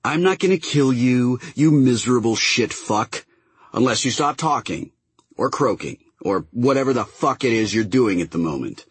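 A man voicing a fierce, profane woman captain who snaps and threatens, with a husky voice. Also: medium pitch, expressive, normal speed, dry recording, voice pushed up. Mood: angry. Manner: snarling, sharp, swears constantly.

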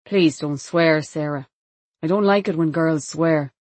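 Woman voicing a low, coaxing man. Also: unhurried, a little mellow, dry recording. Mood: disapproving. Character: smooth, self-assured male lover.

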